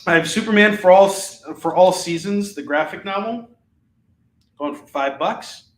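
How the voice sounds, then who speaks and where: A man's voice: sits high, normal speed, a bit bright, reverberant, rough recording. A man hosting a live shopping stream, casually rattling off comic books and their prices, with frequent fillers and restarts. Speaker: live shopping show host. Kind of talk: live comic sales pitch.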